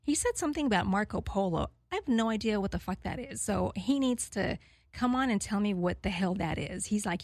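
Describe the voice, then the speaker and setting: A woman in her forties talks straight to her listeners at a middle pitch. She rambles candidly, fills gaps with "like" and "you know", and laughs easily. The sound is close and dry, with no room around it. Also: lively intonation, fairly quick, darkish tone, no room sound. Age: 40s. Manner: rambling and candid, laughing often, frequent fillers. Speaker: radio show host. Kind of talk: casual chat to listeners.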